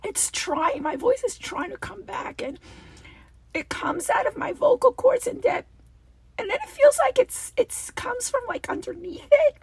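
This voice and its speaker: Raspy, high-pitched gushing woman. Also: very animated, measured pace, a little mellow, distant mic. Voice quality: raspy double-toned voice. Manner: gushing, with many breathy half-whispered asides. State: hoarse. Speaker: craft channel host. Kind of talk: casual unboxing vlog.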